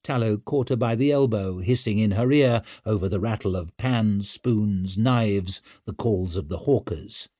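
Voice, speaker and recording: A man reading a fantasy novel aloud in a vivid, expressive storytelling manner. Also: fairly low pitch, a little slow, hardly any pauses, dry recording, clean studio sound. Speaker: audiobook narrator. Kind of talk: scripted fantasy narration.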